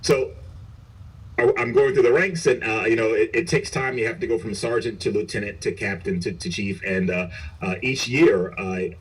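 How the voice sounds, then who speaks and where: A middle-aged man, a police chief, telling his story in an interview, earnest and halting with frequent restarts. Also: fairly low pitch, husky. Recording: recorded far from the mic.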